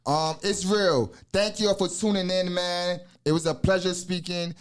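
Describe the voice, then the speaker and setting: A man's voice: high voice, fairly even intonation, moderate pace, smooth, soft background music. A casual, swearing podcast host in his 40s. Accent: American. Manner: loose and profane, with many asides and restarts.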